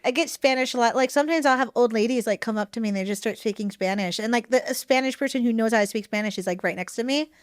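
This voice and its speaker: High-pitched woman in her 30s, giggly and animated, chatting as an interview guest and doing little voices for people. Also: quick pace, few pauses. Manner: animated, giggly, mimics others in quotes. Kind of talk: casual interview chat.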